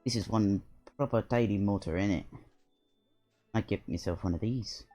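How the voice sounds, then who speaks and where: A man's voice: on the low side, normal speed, mellow, soft background music, close to an everyday voice. A man voicing a chatty, bossy little male fairy sidekick while reading a game aloud. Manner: lilting, bossy, slangy and matter-of-fact.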